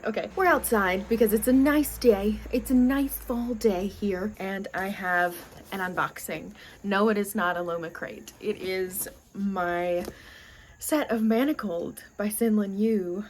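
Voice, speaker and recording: A woman vlogging a book haul outdoors, gushing and excitable, swearing casually, recorded on a camera mic. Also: medium pitch, noisy background. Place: outdoors on a fall day.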